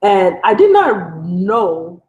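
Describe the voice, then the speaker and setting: A woman's voice: medium pitch, big pitch swings, extremely slow, darkish tone, poor audio. A young adult woman from Africa, telling a personal story in a candid, conversational way that wanders and keeps catching itself. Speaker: vlogger.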